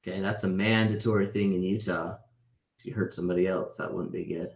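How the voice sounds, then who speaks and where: A man's voice: low-pitched, fairly even intonation, brisk. A man in his thirties teaching a casual online class over a video call, talking conversationally and tagging his points with "right?". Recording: roomy echo.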